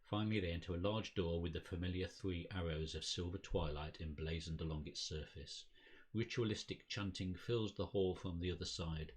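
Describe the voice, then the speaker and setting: Deep, husky man reading aloud. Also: normal speed. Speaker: podcast co-host reading a card game scenario. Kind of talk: reading scenario text aloud.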